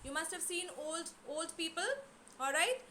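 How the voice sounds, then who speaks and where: A middle-aged woman teacher, explaining a poem to her class slowly, with many fillers and repeated words. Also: very high voice, pushed and bright, a little hiss or hum. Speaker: English teacher.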